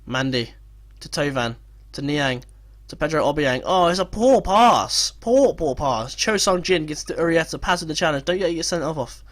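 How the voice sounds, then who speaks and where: A young man giving casual commentary over a football management game, swearing, mocking himself and breaking into excited outbursts. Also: fairly high pitch, moderate pace. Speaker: gaming video creator.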